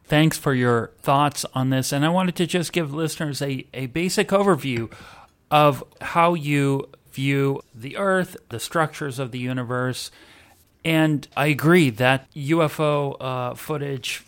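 A man hosting an interview, asking measured, prepared questions of his guest. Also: mid-range voice, a bit bright. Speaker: podcast host.

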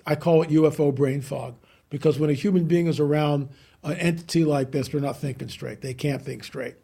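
A man, a guest on a talk show, telling a story with animated emphasis and repeating key lines. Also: on the high side, a little fast, gravelly, breathy edge. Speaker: guest, UFO researcher. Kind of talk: podcast interview storytelling.

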